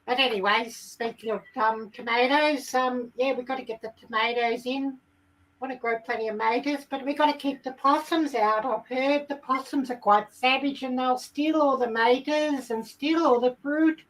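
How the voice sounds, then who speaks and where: A woman's voice: sits high, fairly even intonation, moderate pace, a bit bright, distant mic, poor audio. P P Fowl, a woman doing a giddy hen. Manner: rambling, giddy, full of ums. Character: excitable chatty female hen. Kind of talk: comic character monologue.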